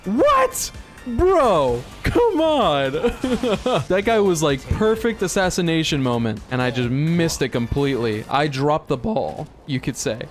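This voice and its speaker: A young man giving excitable, laugh-filled commentary while playing a shooter game. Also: fairly high pitch, normal speed, hardly any pauses. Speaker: gaming YouTuber. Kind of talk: casual gameplay commentary. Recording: music heard behind. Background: game music and gunfire.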